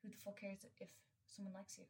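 A young woman talks alone on her own podcast, candid and earnest, swearing freely and stopping for many fillers. Her voice sits at a medium pitch and sounds a little distant from the microphone. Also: completely flat delivery, fairly quick, dark tone. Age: young adult. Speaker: podcast host. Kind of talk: casual solo podcast monologue.

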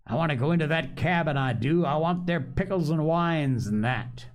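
A man's voice: fairly high pitch, lively intonation, moderate pace, voice pushed up, natural voice. A man voicing an impatient, grumbling pirate coxswain who growls his lines.

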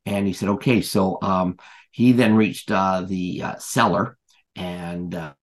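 A man's voice: deep voice, fairly even intonation, a little slow. A man who is a podcast guest, telling a long story in casual chat, rambling with many fillers and restarts and retelling what people said.

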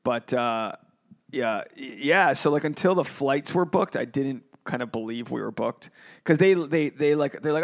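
A man's voice: medium pitch, normal speed. A man hosting a podcast, telling jokey, profane stories in a rambling, casual way, recorded at a holiday resort. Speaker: podcast host, comedian.

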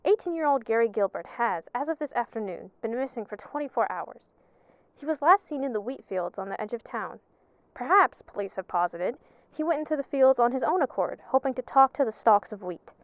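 A woman playing a small-town radio news anchor in an audio drama, reading the news flatly. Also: fairly high pitch, a little fast, dry recording, lightly acted.

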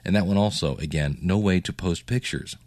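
A man hosting a casual solo podcast update with a low morning voice, rambling and chatty. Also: brisk, a little mellow, no room sound, clean studio sound. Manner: rambling, chatty, with fillers and self-asides. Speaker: podcast host.

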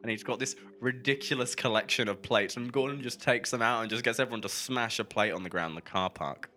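A man co-hosting a podcast, chatting casually with quick reactions and asides. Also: mid-range voice, bright, forceful tone. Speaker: podcast co-host. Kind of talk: casual chat.

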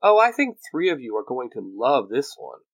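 A man's voice: mid-range voice, wildly swooping pitch, moderate pace. A man voicing an upbeat tech helper who explains new gadgets to the heroes. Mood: cheerful.

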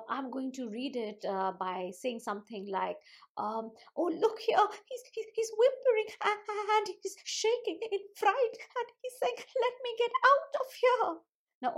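A woman storyteller explaining how she reads picture books aloud, with frequent hesitant fillers. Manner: hesitant fillers, acts out a scared boy in a higher voice. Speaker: storyteller, panelist. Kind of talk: explaining read-aloud technique.

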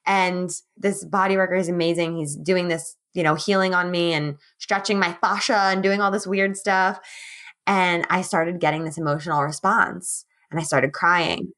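A woman's voice: fairly low pitch, fairly even intonation, moderate pace, a bit bright. A woman guest on a podcast call, chatting candidly and emphatically about her business, with lots of "like". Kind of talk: casual podcast chat. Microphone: remote call.

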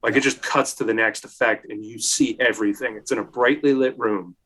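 A man's voice: medium pitch, fairly even intonation, brisk, bright, forceful tone, breathy edge. A man casually talking about movies on a podcast, leaning on "like" as he tells the story and acting out what people said. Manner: chatty storyteller, leans on "like", acts out quotes. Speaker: podcast co-host. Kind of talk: casual film discussion.

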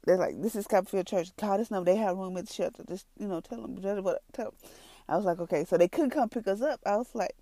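A woman's voice: mid-range voice, expressive, a little fast, mellow, dry recording. Tearful woman telling her testimony. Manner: tearful, rambling storyteller. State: crying at times. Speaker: podcast host giving a testimony. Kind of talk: emotional personal testimony.

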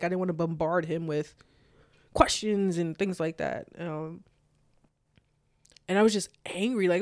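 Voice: medium pitch, no echo. A young adult telling a personal story in loose, casual speech, full of "like" fillers.

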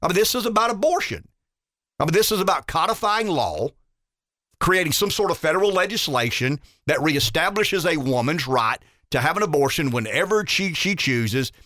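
Hosting a talk radio program, this rural Southern man offers opinionated commentary in a fairly high, up-and-down voice at a normal speed. His delivery is bright, forceful, emphatic and folksy, and he repeats words as each argument takes shape. The recording is close and dry.

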